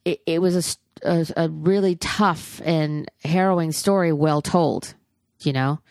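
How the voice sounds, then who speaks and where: A middle-aged woman with a low, gravelly voice talks in candid, profane, rambling chat about films. Her voice sits dry and close to the mic, with no room around it. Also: steady tone, measured pace, darkish tone, no echo. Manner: candid, profane and chatty with frequent restarts. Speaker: podcast co-host reviewing films. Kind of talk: casual chat.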